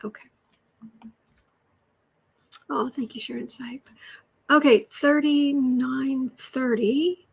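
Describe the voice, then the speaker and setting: A woman's voice: sits high, steady tone, slow, gravelly, pauses often, breathy edge. An American woman hosting a casual political livestream, reading headlines aloud and reacting with exasperation. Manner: exasperated, reads headlines aloud, coos to her cat. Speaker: livestream host.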